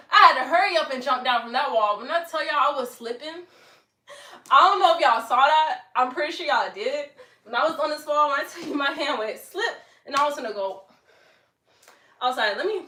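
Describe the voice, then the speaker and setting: High, bright-voiced woman, breathless workout chat, mic set back in an echoey room. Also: expressive, a little fast, distant mic. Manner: chatty, laughing, counts aloud. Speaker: fitness vlogger. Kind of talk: casual workout livestream chat. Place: home room with an exercise mat.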